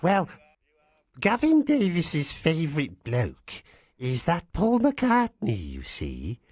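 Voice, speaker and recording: A man's voice: on the high side, wildly swooping pitch, slow pace, a little mellow, slightly rough, no room sound, clean studio sound, full character voice. A man voicing a silly, chatty puppet called Spoon in a bouncy comic voice.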